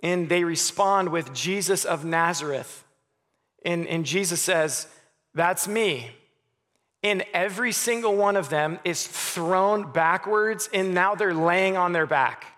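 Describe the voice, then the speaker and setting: Earnest pastor preaching in a reverberant hall. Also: male voice, sits high, slow pace. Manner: earnest, stammers on restarts, drops softly on key words. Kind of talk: sermon.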